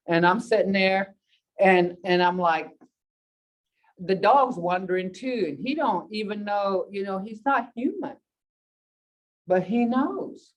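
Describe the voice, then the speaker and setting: Slow, chatty woman teacher, lo-fi recording. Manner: slow, chatty and laughing, with big pitch jumps when quoting. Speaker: language teacher. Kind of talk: casual classroom lesson with stories. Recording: distant, dull lo-fi classroom recording.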